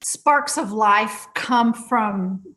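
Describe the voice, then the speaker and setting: Drawing out her words in a medium-pitched voice, a guest healing practitioner shares a tale from one of her sessions; her casual, lively telling is full of fillers and restarts, and she laughs often.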